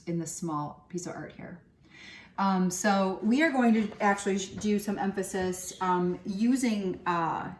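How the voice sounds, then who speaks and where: A woman teaching a recorded remote art lesson, explaining step by step in a relaxed way with frequent ums and uhs. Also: mid-range voice, distant mic, slight background noise. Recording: roomy echo, voice set back from the mic.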